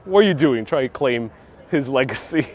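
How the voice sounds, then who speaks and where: A man's voice: medium pitch, lively intonation, normal speed, a little mellow, slight background noise. A man hosting a casual live-stream walking tour outdoors on city streets, chatting away and reading out viewer comments with frequent laughs. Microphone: wireless clip-on mic with phone on gimbal.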